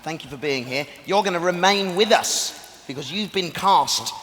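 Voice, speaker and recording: A man hosting a convention panel on stage, wry and brisk as he announces each step. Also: fairly high pitch, expressive. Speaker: panel host. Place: large convention hall stage with a live audience. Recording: long hall reverb, loud crowd and noise.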